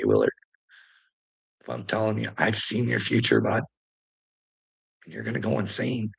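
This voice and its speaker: Male ranter, gravelly voice with a bright edge, profane and confrontational. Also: lowish voice. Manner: profane, confrontational, laughs mid-rant. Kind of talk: ranting monologue to camera.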